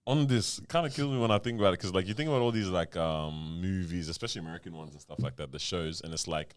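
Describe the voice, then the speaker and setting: A man co-hosting a podcast, chatting in a relaxed way with laughing interjections. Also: deep voice, quick pace, few pauses, clean tone. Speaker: podcast co-host. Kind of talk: casual chat.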